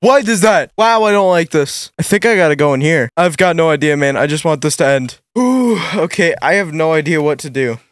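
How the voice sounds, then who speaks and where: A man's voice: fairly high pitch, animated, a little fast, few pauses, dry recording. A young man giving nervous, jumpy let's-play commentary on a horror game, talking to himself as he plays. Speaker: gaming YouTuber.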